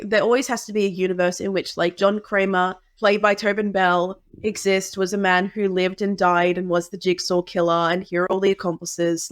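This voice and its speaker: Woman podcast guest, chatty and animated, filler-heavy, dry mic. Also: lowish voice, no echo. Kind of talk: casual chat.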